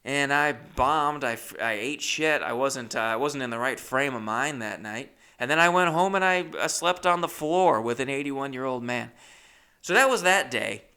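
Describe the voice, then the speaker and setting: A comedian telling a funny personal story in an animated, self-deprecating way, calling his listeners "folks.". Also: mid-range voice, normal speed, clean tone.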